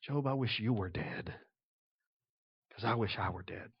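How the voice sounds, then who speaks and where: A man's voice: sits high, big pitch swings, measured pace, no echo, muffled recording. A man voicing a grieving wife in a sermon, pleading at times and bitter and despairing at others. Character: grieving despairing wife, middle-aged woman.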